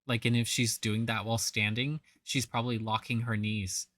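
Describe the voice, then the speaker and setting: A bright, forceful voice delivers sarcastic reaction commentary, blunt and mocking with casual swearing. The sound is close and dry, with no room around it. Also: mid-range voice, flat delivery, moderate pace, no echo.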